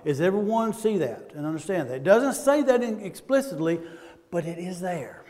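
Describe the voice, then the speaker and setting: A man with a Southern American accent preaches in a casual, questioning way, pulling the congregation in as he goes. His voice sits high for a man. It carries with a long reverb through a church hall. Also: animated, normal speed, darkish tone. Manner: conversational, asks the congregation questions. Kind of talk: sermon.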